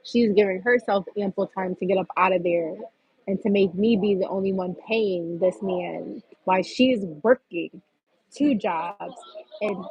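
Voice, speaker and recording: A woman's voice: medium pitch, unhurried, breathy edge, no echo, muffled recording. A woman hosting a livestream, venting bluntly and profanely in a heated rant. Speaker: livestream host.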